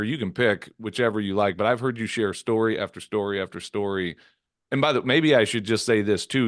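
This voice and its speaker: A man with a fairly low voice hosts a podcast interview and rambles warmly. He often stops to correct himself. The sound is dry and close, with no room echo. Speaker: podcast host.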